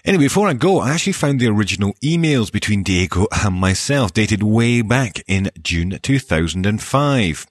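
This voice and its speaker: Bloke with a lowish voice doing a chatty podcast sign-off, dry close sound. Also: male voice, big pitch swings, no room sound. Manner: chatty, warm-humoured, quick lists. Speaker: podcast host and newsreader.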